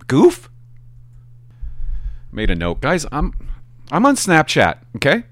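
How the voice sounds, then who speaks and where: A man, a former police officer telling stories in a casual, animated and profane way. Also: on the high side, no echo. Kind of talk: casual storytelling to camera.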